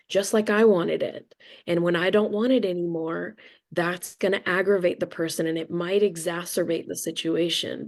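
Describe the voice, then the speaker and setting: Middle-aged woman, low flat gravelly voice, slow, candid and rambling, casual swearing. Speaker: spiritual reader sharing experience. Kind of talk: casual reflective talk.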